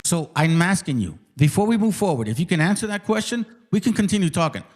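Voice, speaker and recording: Man, combative debate host, slightly high voice, very lively swooping pitch, interrupts and swears. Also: quick pace. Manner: combative, interrupting, repeats himself, swears often. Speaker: host of a live debate stream. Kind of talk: heated live debate.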